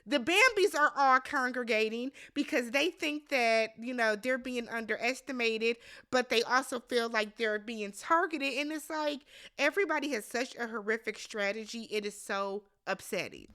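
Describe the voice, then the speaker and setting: A woman's voice: on the high side, normal speed, bright, forceful tone. A woman hosting a casual recap and review vlog, blunt and exasperated, swearing freely and talking straight to the people on the show. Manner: swears freely and asks rhetorical questions. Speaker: reality show recap host.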